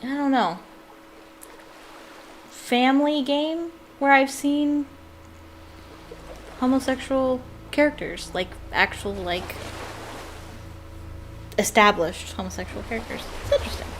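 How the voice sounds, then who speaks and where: A woman's voice: sits high, slow pace, long pauses, slight background noise. A woman playing a mystery game and chatting casually, thinking aloud with wry remarks. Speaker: gameplay streamer. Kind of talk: casual let's play commentary.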